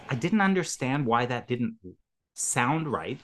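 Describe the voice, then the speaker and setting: A man's voice: medium pitch, animated, measured pace, fairly bright tone. A man, a podcast guest, telling a personal story with lots of expression, laughing often and acting out both sides of a conversation.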